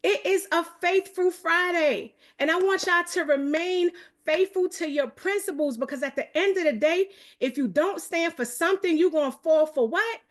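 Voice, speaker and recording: A woman from New York with a New York accent, hosting a live motivational accountability call with fast, energetic, hype-building talk that keeps calling out to her audience. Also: extremely high pitch. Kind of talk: live online motivational coaching.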